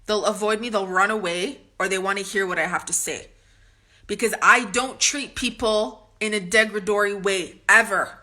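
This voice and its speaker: A woman vents straight to camera in a blunt, confrontational monologue full of swearing, her sentences stopping and restarting as she pushes on. Her voice is bright and forceful. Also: mid-range voice, moderate pace. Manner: ranting with frequent restarts. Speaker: vlogger.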